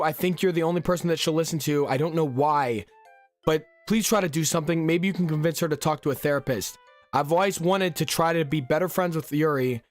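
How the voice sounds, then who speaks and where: A man reading a worried young woman's note aloud, quick and earnest. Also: fairly high pitch, lightly acted.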